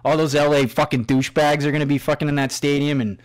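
A man's voice: on the high side, little pitch movement, quick pace. A middle-aged man hosting a podcast, telling rambling stories in a casual, constantly swearing monologue. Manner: profane, storytelling, swears constantly. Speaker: podcast host.

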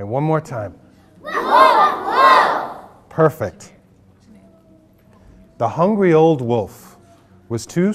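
Man reading aloud to children, very lively pitch, slow unhurried delivery, storyteller, call-and-response. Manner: animated, leads call-and-response with the kids. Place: public library, audience of children.

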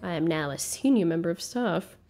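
A woman's voice: lowish voice, lively intonation, a little fast, warm tone, soft background music. A young woman streaming her first playthrough of a game, chatting casually, swearing and spiraling into panicked repeated words. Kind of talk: casual gameplay commentary.

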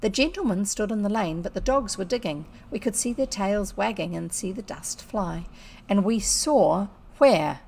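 A woman's voice: medium pitch, expressive, normal speed, gravelly, darkish tone, a little hiss or hum. New Zealand woman reading a storybook. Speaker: audiobook reader. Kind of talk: storybook narration.

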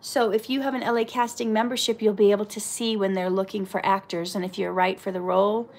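A woman's voice: mid-range voice, flat delivery, fast talker, vocal fry. A middle-aged woman hosting a live stream, reading viewer comments aloud and answering them in casual chat. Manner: reads out viewer comments and answers warmly, with prayerful advice.

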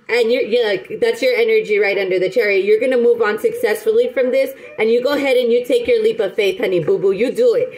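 A woman with a fairly high voice gives a casual tarot reading to camera. She talks in an emphatic, rambling way, breaks off and restarts often, and calls her listeners pet names. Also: rough recording. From United States. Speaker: tarot reader.

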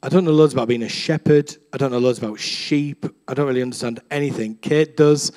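A man's voice: mid-range voice, fairly quick, a little mellow. A young man preaching a casual sermon, chatty and self-deprecating, acting out voices as he tells stories. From England. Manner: chatty, self-deprecating, acts out quoted voices with big swings.

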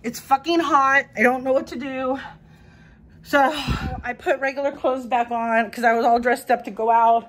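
A middle-aged woman vlogging on her phone from a dark, hot hotel room, crying and rambling in a panic, swearing as she talks. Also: high-pitched, fairly even intonation, moderate pace. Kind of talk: casual phone vlog.

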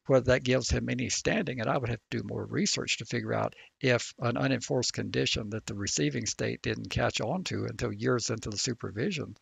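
A man with a Southern accent, co-hosting a podcast and explaining legal points in a measured, lawyerly way with a gravelly voice. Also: medium pitch, dry recording. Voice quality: gravelly, husky voice. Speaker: legal expert co-host. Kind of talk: casual legal discussion podcast.

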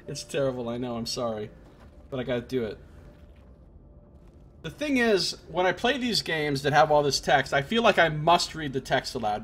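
A man's voice: fairly high pitch, slight background noise. A man streaming a role-playing game, chatting casually with joking, self-deprecating asides. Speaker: let's play streamer.

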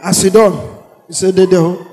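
A Nigerian stand-up comedian with a Pidgin English accent and a very high, piercing voice tells a story on stage at normal speed. He is animated, shouting and laughing as he acts out police voices and other characters, his voice ringing with a big hall's long reverb.

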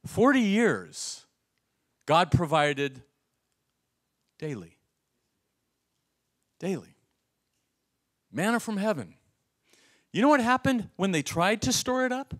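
A man preaching a sermon as pastor, with a lively, humorous delivery full of asides. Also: high voice, slow, pauses often. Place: church sanctuary.

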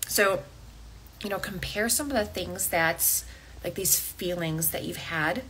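A woman's voice: on the low side, a little slow, a bit bright, a little hiss or hum, low-quality recording. A woman hosting a coaching podcast, talking casually and directly to listeners, often checking in with "okay?" and "right?". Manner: conversational, frequent "okay?" and "right?" asides. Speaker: podcast host and health coach.

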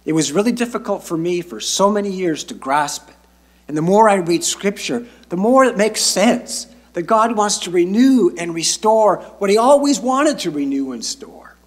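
A man preaching a sermon as pastor, slow and emphatic, stretching out key phrases. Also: sits high, expressive.

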